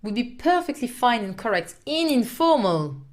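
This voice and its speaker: A woman teaching French, explaining question forms clearly and deliberately, lifting her voice on questions. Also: a little high, sing-song. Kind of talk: recorded language lesson.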